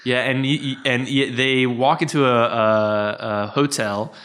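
A man co-hosting a podcast in chatty, jokey conversation. His voice has a bright, forceful edge. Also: medium pitch, fairly even intonation, a little slow. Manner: chatty, jokey, laughs easily. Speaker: podcast co-host. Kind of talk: casual chat.

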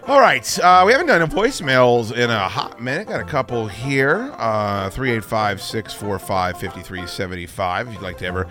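A man's voice: fairly low pitch, sing-song, normal speed, hardly any pauses, music in the background. A middle-aged man hosting a radio show, talking casually in a rambling, profane way.

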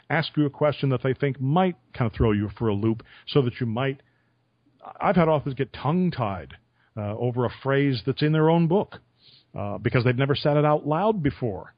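A man's voice: medium pitch, dry recording. Chuckling radio man, dry dull sound. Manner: storytelling with chuckles. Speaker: radio interviewer. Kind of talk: conversational podcast interview.

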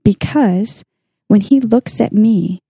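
A woman in casual faith talk, warm and dark in tone with a gravelly edge. She chats earnestly and works through her study notes. The sound is close and dry. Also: mid-range voice, takes it slowly, no room sound. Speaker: podcast co-host.

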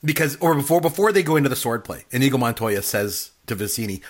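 A man in casual chat about a film, animated and acting out quotes in funny voices. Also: medium pitch, quick pace. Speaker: podcast co-host.

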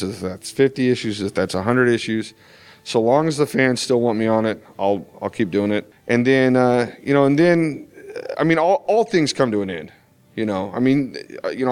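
A man who draws comics answers fans in a casual interview, rambling with many restarts and fillers and stressing points with emphatic asides. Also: lowish voice. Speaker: comic book artist. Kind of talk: convention interview chat.

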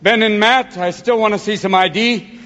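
A man's voice: high-pitched, background noise. A man, a comic actor, bantering on a talk show and jumping in and out of voices. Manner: rapid-fire, jumps into voices. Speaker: comedian and actor. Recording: loud audience and clicks.

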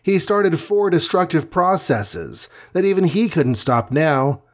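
A man's voice: a little high, animated, measured pace, pitched above the performer's own voice. A man voicing a sarcastic, wisecracking male archer superhero in a storybook reading. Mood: skeptical.

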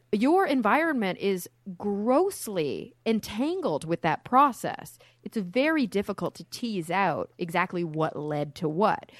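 Outspoken woman with a low voice. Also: no echo. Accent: none, no Southern accent. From Texas, USA. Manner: outspoken, animated, talks in long rambling stretches. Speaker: guest, science communicator. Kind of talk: casual podcast interview.

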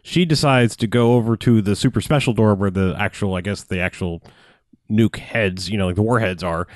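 A podcast co-host with a lowish, fairly quick voice casually recaps a movie plot, rambling with lots of "like"s, restarts and a sardonic edge. The sound is clean studio audio with no room sound.

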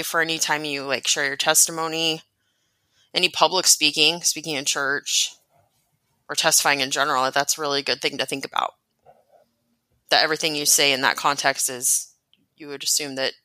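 A young woman co-hosts a casual chat, laughing easily and thinking out loud. Her voice is low and gravelly but bright and forward. The recording is dry and close. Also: no echo, poor audio. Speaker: podcast co-host. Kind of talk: casual chat about church talks.

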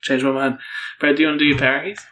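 A man co-hosting a casual podcast, reviewing a movie in a chatty, joking way with quick asides. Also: mid-range voice, little pitch movement, a bit bright. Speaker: podcast co-host. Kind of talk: casual chat.

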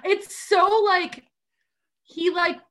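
A woman's voice: extremely high pitch, little pitch movement, extremely slow, a bit bright. A woman co-hosting a podcast, chatting casually and expressively, teasing with fondness. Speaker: podcast co-host. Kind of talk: casual chat.

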